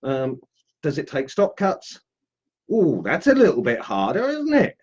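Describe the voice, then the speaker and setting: A man's voice: a little high, huge pitch swings, measured pace, darkish tone, breathy edge, highs cut off. A man demonstrating woodcarving on a live stream, chatting casually and greeting viewers as he works. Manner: chatty and upbeat, greets viewers while carving.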